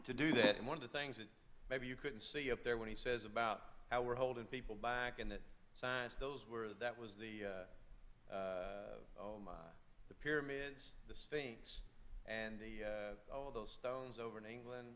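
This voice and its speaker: A man preaching a sermon, emphatic and repetitive, with halting asides. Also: mid-range voice, fairly bright tone.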